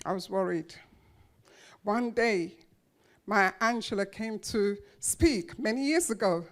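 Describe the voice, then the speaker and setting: A woman giving a motivational speech to an audience, telling her life story with emphatic, dramatic pauses and repeated phrases. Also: mid-range voice, animated. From grew up in a children's home. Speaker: motivational speaker.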